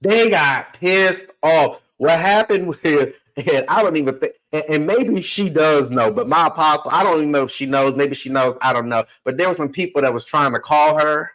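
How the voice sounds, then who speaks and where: A man's voice: on the high side, normal speed, few pauses, a bit bright, low-quality recording. A man hosting a podcast, telling a personal story in an emphatic monologue that repeats phrases and addresses listeners directly. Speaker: podcast host.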